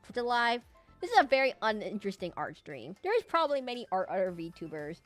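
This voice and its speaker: A woman's voice: mid-range voice, very animated, fairly quick, soft background music. A young woman streaming as a VTuber, chatting casually and self-deprecatingly while she draws. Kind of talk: casual chat while drawing live.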